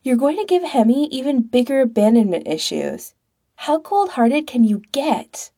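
A woman's voice: sits high, expressive, moderate pace, mellow, slightly rough, no room sound, clean studio sound, pitched above the performer's own voice. A woman voicing a moping young man who whines and clings to his best friend. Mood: accusing. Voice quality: whiny.

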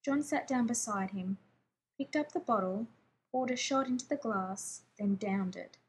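A woman reading fiction aloud in a steady, even narrating voice. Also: on the high side, measured pace, a little hiss or hum.

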